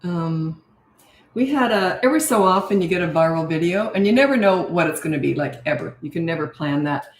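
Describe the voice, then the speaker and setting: A woman's voice: lowish voice, animated, brisk. An older woman, a parenting coach, chatting casually as she hosts a live stream, greeting viewers and laughing often. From Canada and Australia. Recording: roomy echo.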